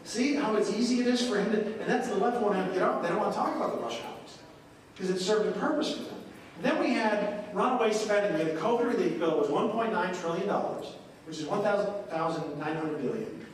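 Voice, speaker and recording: A congressman with a high-sitting voice delivers a town hall speech in a courthouse meeting room, speaking quickly with lively intonation. His style is punchy, joking, and folksy, captured from a distance in an echoey live room.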